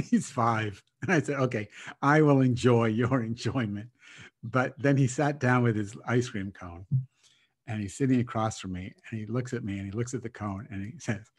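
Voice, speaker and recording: Husky man musing on a video call. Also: medium pitch, moderate pace. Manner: reflective, hesitant, laughs often. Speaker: rabbi guest speaker. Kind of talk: casual spiritual talk over video call.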